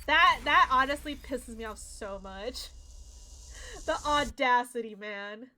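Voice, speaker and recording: A woman's voice: fairly high pitch, takes it slowly, bright, forceful tone. A young woman streaming a visual novel, ranting emotionally to her chat, swearing and near tears. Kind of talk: casual game commentary to chat. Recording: faint background game music. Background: game audio and music.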